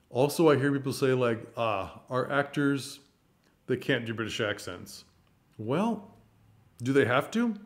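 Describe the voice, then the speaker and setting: A man hosting a theater channel, giving chatty, encouraging advice. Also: medium pitch. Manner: chatty, coaching, encouraging, with rhetorical questions. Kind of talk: casual advice monologue.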